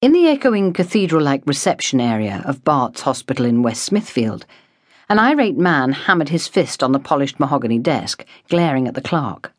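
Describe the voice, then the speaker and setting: A woman narrating an unabridged novel in a measured, expressive storytelling manner. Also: extremely low pitch, no echo, clean studio sound. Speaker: audiobook narrator. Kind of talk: scripted narration.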